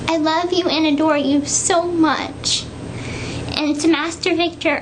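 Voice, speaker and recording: A woman recording a personal video message at home, soft and affectionate with a touch of nervousness. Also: sits high, fairly even intonation, a little slow, noisy background. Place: home, indoors.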